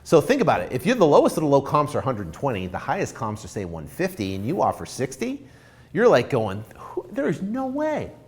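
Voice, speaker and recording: A man's voice: mid-range voice, quick pace. A man giving informal coaching on real estate deals, acting out both sides of a negotiation. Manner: animated, acts out both sides of a deal.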